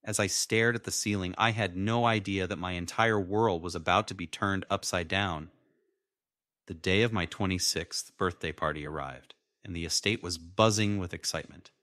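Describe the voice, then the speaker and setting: A young man in his twenties narrating a dramatic first-person animated story. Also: low voice, moderate pace, no room sound. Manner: dramatic, emotionally charged. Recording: dry close studio voice-over.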